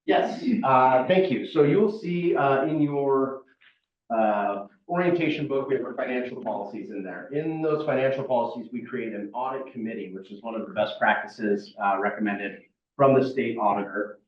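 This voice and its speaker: A man's voice: mid-range voice, moderate pace. A man giving a staff report at a board meeting, plain and full of fillers. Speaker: staff member presenting a report. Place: meeting room. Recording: echoey room, far from mic, dull.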